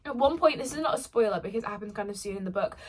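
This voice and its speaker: A young woman who vlogs about books chats casually to the camera from home, bubbly and gushing. Her voice is medium-pitched and expressive, and she talks at a racing pace.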